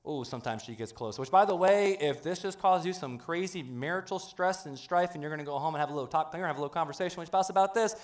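A man preaching a humorous sermon in a church, joking with the congregation in a playful, animated way. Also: on the high side, fast, few pauses. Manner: playful, jokey, animated delivery. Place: church sanctuary.

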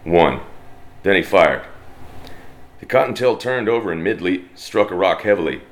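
Deep-voiced Texan man reading a western. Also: expressive. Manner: slow, drawling twang, puts on brief voices for characters. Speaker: storyteller. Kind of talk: reading a western story aloud.

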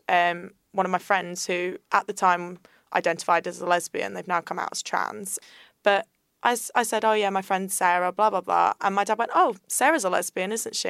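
Smooth, gravelly young woman. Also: medium pitch, a bit bright, no echo, clean studio sound. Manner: candid, earnest storytelling. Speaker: guest. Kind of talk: personal storytelling in a podcast interview.

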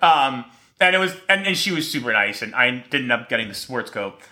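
A man hosts a solo podcast, telling stories in a light-hearted, rambling way with a slight lisp. His medium-pitched voice is expressive, brisk, bright, and forceful.

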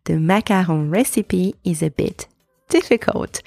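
French-accented woman, podcast pronunciation teacher, lowish voice, slight vocal fry, dry close mic, careful enunciation. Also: darkish tone, no echo, soft background music. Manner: slow, careful enunciation of example words. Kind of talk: scripted pronunciation lesson.

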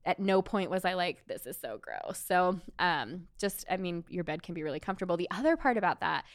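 A woman's voice: fairly low pitch, animated, fairly quick, no room sound, studio quality. A woman in her thirties who works as a doula, talking earnestly and personally in a chatty way with many fillers. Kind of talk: casual talk about birth.

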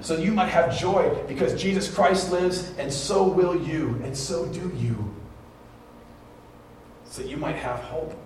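A male pastor giving a sermon, telling stories from his childhood and rising to high, emphatic peaks. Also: distant mic, a little hiss or hum. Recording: very echoey room, voice from afar.

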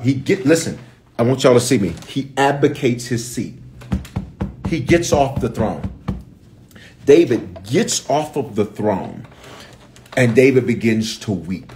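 Man, bishop, Memphis accent, livestream sermon, swooping lively pitch, animated storyteller. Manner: animated storytelling, acting out characters. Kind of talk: livestreamed Bible teaching.

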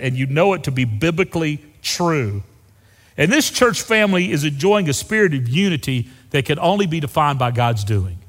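Emphatic pastor preaching in an echoing hall. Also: male voice. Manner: emphatic preaching, dropping to hushed lows for key phrases. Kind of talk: sermon. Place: church sanctuary. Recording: long reverb of a church hall.

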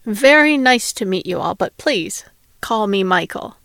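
A woman's voice: mid-range voice, animated, unhurried, gravelly, fairly bright tone, no echo, clean studio sound. A woman reading aloud and voicing a hospitable, widowed middle-aged man who welcomes guests into his home. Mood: welcoming. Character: kindly middle-aged male homeowner, a widower.

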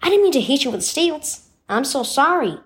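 A woman's voice: high voice, sing-song, moderate pace, pitched above the performer's own voice. A woman voicing an earnest young boy in a storybook devotional, speaking eagerly and asking questions.

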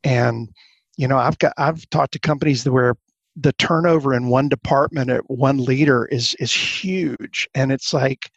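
A man as an interview guest, telling workplace anecdotes in an animated way and acting out the lines of the people in them. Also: mid-range voice, unhurried, vocal fry, no room sound, dull audio. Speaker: guest consultant. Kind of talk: storytelling in a podcast interview.

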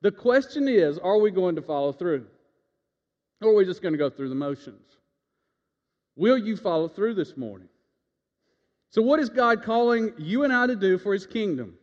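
Pausing often, a preacher with a high-pitched, expressive voice speaks at normal speed in a church sanctuary. He leads call-and-response and tells a folksy personal story, and the recording is dull, lo-fi, and echoey from the church.

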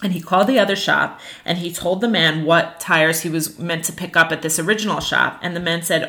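A woman teaching a class on Jewish ethics, earnest and animated, telling personal stories with frequent fillers. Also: on the low side, fairly quick, hardly any pauses. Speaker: religious teacher.

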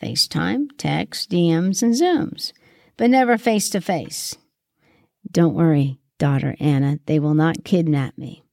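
A middle-aged woman hosting a reflective Christian podcast, asking gentle questions in an earnest way, sometimes choked up with grief. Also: low-pitched, unhurried, vocal fry, no echo, studio quality. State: grieving, occasionally choked up. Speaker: podcast host and Christian mentor. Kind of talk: reflective solo podcast monologue.

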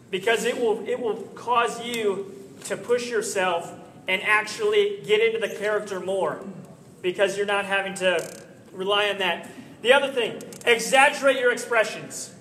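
A man with a high, bright voice coaches his listeners earnestly, dropping in frequent "right?" check-ins. The sound carries a long echoey hall reverb and faint background noise. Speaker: presenter giving training tips. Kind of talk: instructional talk.

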